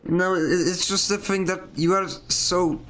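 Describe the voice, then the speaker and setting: A man's voice: sits high, fairly even intonation, unhurried, fairly bright tone. A man chatting casually while streaming a game, teasing his teammates. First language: Polish. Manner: teasing, playful. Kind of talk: casual gaming chat.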